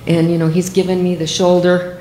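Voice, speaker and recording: An older woman, a physician, telling a first-person story in a measured, matter-of-fact way. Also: on the low side, level tone, dark tone, roomy sound, slight background noise, rough recording.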